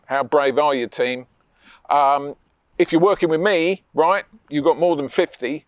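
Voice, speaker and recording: A man coaching a room of property investors with a punchy, emphatic delivery. He keeps hammering key points and adding little tag questions. His voice sits fairly high and the sound is close and dry. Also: measured pace, dry recording. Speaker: property sourcing trainer. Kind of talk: energetic coaching talk.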